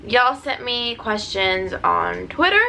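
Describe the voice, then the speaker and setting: Rambling young woman with a gravelly, lively voice. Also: a little high, slow, a little hiss or hum, rough recording. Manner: rambling, jokey, lots of fillers. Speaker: DJ and YouTuber. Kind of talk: casual Q&A vlog.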